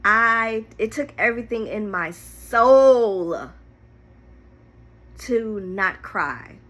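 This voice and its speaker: A woman with a bright, forceful voice shares a painful personal story to camera. She talks candidly and animatedly, fighting back tears at moments. Her delivery is vivid and heartfelt. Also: on the high side, extremely slow. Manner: emotional, candid, animated retelling. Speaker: storyteller vlogger.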